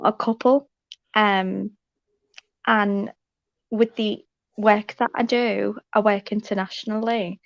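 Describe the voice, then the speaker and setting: A woman from England with a Liverpool accent, a guest on a livestream, talking earnestly and deliberately slowed down. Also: medium pitch, little pitch movement, creaky, no echo, muffled recording. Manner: earnest, slowed-down, speaks up brightly. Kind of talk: casual livestream chat.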